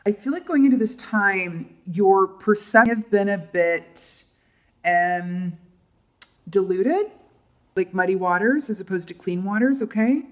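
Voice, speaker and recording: A woman's voice: mid-range voice, expressive, measured pace. A middle-aged woman giving a casual tarot reading, chatty and theatrical, talking straight to the viewer and calling them honey and darlings. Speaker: tarot reader.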